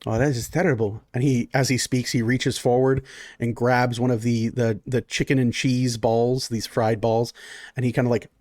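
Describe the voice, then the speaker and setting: A man running a tabletop game, narrating loosely with many "uh"s and "like"s. His voice sits at an ordinary pitch. The recording is dry, with no room sound. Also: level tone, moderate pace, a little mellow, no room sound. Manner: casual, many fillers. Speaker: game master.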